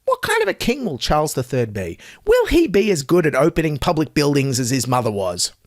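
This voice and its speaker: A man's voice: on the high side, huge pitch swings, brisk, dry recording, studio quality. A man with an Australian accent giving sarcastic, mocking satirical commentary as a podcast host.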